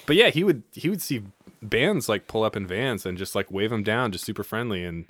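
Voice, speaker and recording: A man's voice: fairly low pitch, animated, a little fast, a bit bright, dry recording. A man hosting a casual chat, loose and conversational, with lots of fillers. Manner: casual, heavy use of filler "like". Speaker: host.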